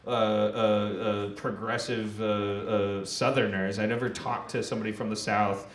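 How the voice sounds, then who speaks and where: A man from Wisconsin hosting a live podcast on stage, talking in a halting way that repeats words as he thinks. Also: fairly low pitch, little pitch movement. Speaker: podcast host. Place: theater stage before an audience. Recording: echoey live venue, faint noise.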